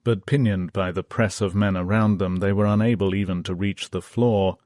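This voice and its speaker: Low-voiced man reading an audiobook. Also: steady tone, normal speed, a little mellow, no room sound, studio quality. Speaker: audiobook narrator. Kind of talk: audiobook narration.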